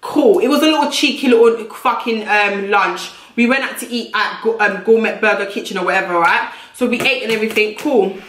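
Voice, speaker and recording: A woman's voice: mid-range voice, fairly quick, few pauses, a bit bright. A young woman, telling a storytime vlog in a blunt, brash way and swearing freely. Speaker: YouTuber. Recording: echoey room.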